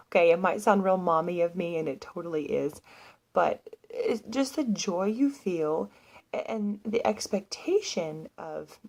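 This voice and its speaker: A woman in her thirties talking a learner through practice steps in a casual, chatty way, with lots of fillers and check-ins. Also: on the low side. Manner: slows down and drops to a whisper when reading scripture aloud. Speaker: music teacher. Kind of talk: casual instructional talk.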